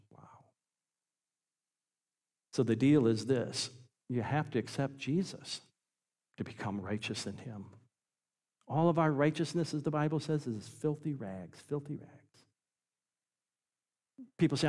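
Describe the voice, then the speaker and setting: A man preaching a sermon as pastor, emphatic, swinging between loud passages and quiet ones. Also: medium pitch, animated, unhurried, pauses often, long reverb tail. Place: church sanctuary.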